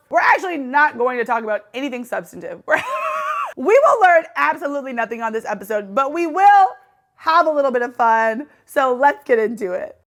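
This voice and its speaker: A young woman from California hosting her own show, delivering a playful, animated comedic monologue. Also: high-pitched. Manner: playful, animated, breaks into impressions. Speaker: host.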